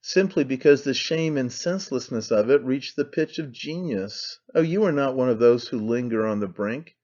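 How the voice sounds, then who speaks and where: A man's voice: medium pitch, moderate pace, a little mellow, natural voice. A man reading an audiobook voices a frantic, impassioned man who pleads and accuses with intensity. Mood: accusing. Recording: slightly dull lo-fi sound.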